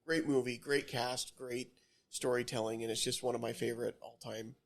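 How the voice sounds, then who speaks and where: A man's voice: mid-range voice, steady tone, moderate pace. A man co-hosting a podcast in a coffee and comic shop, chatting casually with lots of fillers and restarts. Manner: rambling, filler-heavy. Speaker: podcast co-host. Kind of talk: casual chat. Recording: busy café crowd behind. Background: café crowd chatter.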